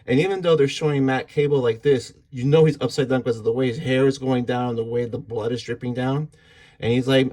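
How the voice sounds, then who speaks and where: A man casually recaps a comic book issue with real enthusiasm, retelling the panels and acting out the characters' lines as he goes. His voice is mid-range with a darkish tone.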